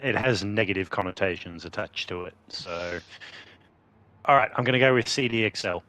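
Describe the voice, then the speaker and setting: A man's voice: lowish voice, normal speed, pushed and bright. A man co-commentating a sim race in a casual, matter-of-fact way, calling out the grid and making dry jokes.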